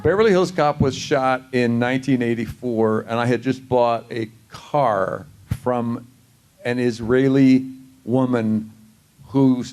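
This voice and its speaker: A man on a convention panel telling anecdotes in an animated way, often exclaiming in disbelief. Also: mid-range voice, slow, clear, resonant tone.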